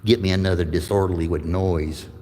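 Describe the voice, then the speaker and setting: Gravel-low, profane man in his fifties. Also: fairly even intonation, brisk, a little mellow, in a large hall, slight background noise. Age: 50s. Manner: angry, profane, rambling storytelling. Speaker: livestreaming channel host. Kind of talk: profane livestream rant. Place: courthouse building with echo.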